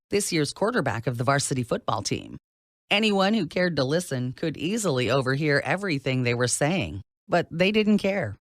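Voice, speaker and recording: A narrator reading a novel aloud in an expressive, scripted style. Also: no echo, studio quality. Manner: expressive reading with lively pitch. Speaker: audiobook narrator.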